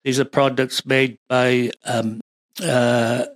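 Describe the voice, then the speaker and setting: A man with a Welsh accent talks through his field as an interview guest. His voice sits at an ordinary middle pitch. It is recorded dry and close, and his speech is full of fillers and false starts. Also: flat delivery, takes it slowly, dry recording. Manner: rambling, with many fillers and restarts. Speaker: guest, pharma supply chain expert. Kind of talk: conversational interview.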